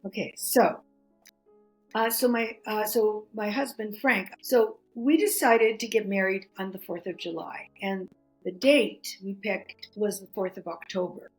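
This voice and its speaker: A middle-aged woman, a podcast guest, telling a personal story in animated casual talk. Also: mid-range voice, measured pace, soft background music, poor audio. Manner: animated, chatty, acts out quoted voices.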